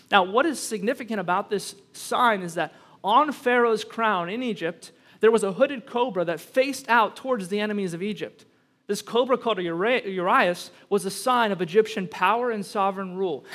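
A man pastor preaching a sermon, reading scripture and then making emphatic points with conversational asides to the congregation. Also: sits high. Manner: emphatic, rising to loud peaks on key points.

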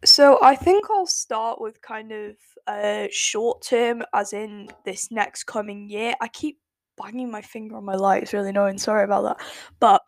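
A woman's voice: medium pitch, moderate pace, no echo. An eighteen-year-old English woman with an English accent, chatting casually on her solo podcast in a rambling, self-correcting way full of fillers. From England. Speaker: podcast host.

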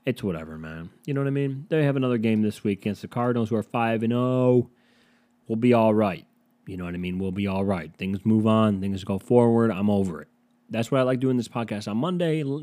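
A man's voice: fairly low pitch, dark tone. A man hosting a casual solo podcast, rambling and sarcastic with plenty of swearing. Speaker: podcast host.

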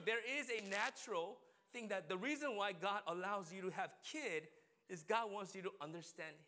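A male pastor gives a relaxed, talkative sermon in a slightly higher voice with a bright, forceful edge. He turns to the congregation and asks people questions by name. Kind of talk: conversational sermon.

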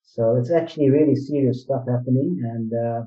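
An earnest guest in an interview explains himself through analogies and rhetorical questions, often repeating phrases. His mid-range voice is brisk with a dark tone. The recording is distant and roomy, and the mic sounds dull.

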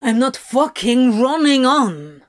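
A woman's voice: high-pitched, lively intonation, slow, no room sound, pitched above the performer's own voice. A woman voicing a blunt, swearing male demon in a fan fiction reading, in a voice close to her own. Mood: insistent, exasperated. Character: swearing, exasperated male demon, devoted lover.

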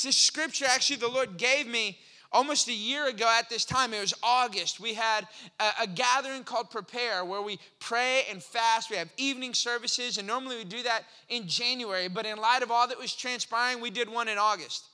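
A man with a very high, very bright voice preaches a sermon in an animated, playful way. He sometimes slips into mock back-and-forth with his listeners. His voice rings through a large church hall with a long reverb. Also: normal speed, clean tone. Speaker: pastor.

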